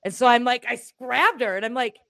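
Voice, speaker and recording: Woman rambling through a story at home, animated, swears a bit, dry close sound. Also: fairly high pitch, brisk, gravelly, dry recording. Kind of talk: casual chat, telling a personal story. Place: room in her home.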